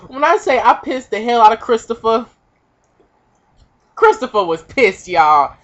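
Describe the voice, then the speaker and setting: A young woman vlogger telling a comic personal story, animated and profane, acting out the voices of the people in it. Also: on the high side, a little slow, long pauses. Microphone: webcam. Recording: dull lo-fi webcam audio.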